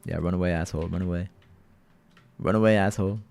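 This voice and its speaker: A young male streamer talks through a match with his viewers in a loose, rambling way, tossing "bro" into nearly every sentence. His voice sits a little on the low side, and he circles back over the same phrases as he thinks aloud. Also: steady tone, quick pace, creaky, a little mellow. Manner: loose and chatty, peppers talk with "bro" and repeats himself. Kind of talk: casual live-stream gaming chat.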